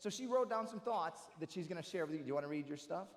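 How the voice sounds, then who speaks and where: A young man works a live audience with stand-up comedy, his voice riding high and bright. He tells stories with quick asides and jokey turns. A long reverb from the hall trails behind every line. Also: a loud crowd, very noisy. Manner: animated, jokey storytelling with asides. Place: live stage in a large hall.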